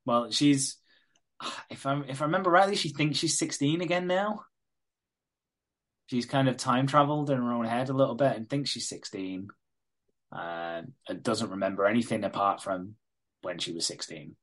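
A man's voice: medium pitch, normal speed, a bit bright. A man casually retelling a soap plot on a podcast, sweary and jokey, quoting the characters as he goes. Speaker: podcast co-host recapping a soap. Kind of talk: casual storytelling chat.

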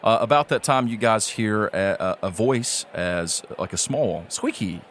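A low-voiced man running a tabletop game as game master. He narrates hesitantly, with plenty of fillers, over a faint background hiss. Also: measured pace, fairly bright tone.

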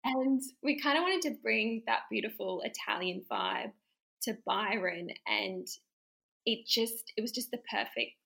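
A young woman tells her story in a lively, chatty way, jumping into other people's voices and laughing often. Her tone is bright and she has a gravelly fry, pitched a little higher than usual. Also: measured pace, rough recording. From Australia. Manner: animated, acts out quotes with laughter. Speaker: interview guest. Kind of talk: casual storytelling.

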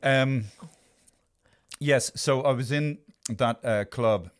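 Taking things slowly, a fiftyish man with a mid-range voice hosts a laid-back studio podcast. His meandering stories come loaded with profanity and jokes at his own expense.

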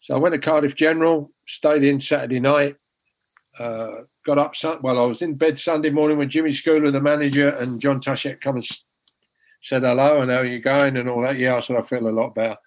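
A man's voice: mid-range voice, fairly even intonation, brisk, rough recording. An older man, a former goalkeeper telling rambling, self-deprecating stories with many restarts. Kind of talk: casual anecdote telling.

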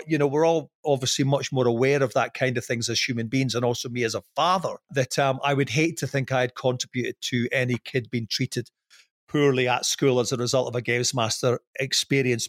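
A middle-aged Scottish man, once a TV presenter, appears as a guest on a casual podcast interview. His mid-range voice comes through clean studio audio with no room sound. He talks candidly and ramblingly, putting himself down and restarting sentences often.

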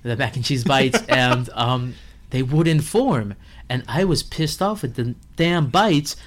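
Man, chef guest, lively storyteller who acts out voices and laughs a lot; middle pitch, casual podcast chat. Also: slow pace. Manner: animated storyteller, acts out others' lines, laughs often.

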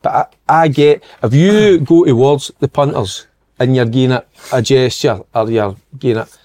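A man's voice: medium pitch, normal speed. A Scottish man, a former footballer, bantering as a podcast co-host in casual chat. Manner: animated, banters and mimics.

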